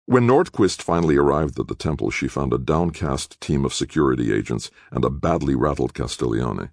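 A man reading a thriller aloud as an audiobook narrator, measured and even. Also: a bass voice, creaky, no room sound, studio quality. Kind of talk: scripted narration.

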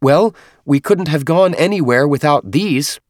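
A man voicing a gentle, eager floating alien creature, earnest and matter-of-fact in an audiobook. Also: a little high, expressive, unhurried, dry recording, studio quality, pitched above the performer's own voice. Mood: puzzled.

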